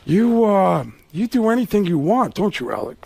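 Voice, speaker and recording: A man voicing a weary, menacing older male movie star who talks gruffly and bursts out sarcastically. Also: high-pitched, sing-song, moderate pace, a little mellow, full character voice. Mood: sardonic menace. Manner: gruff, sardonic, explosive outbursts.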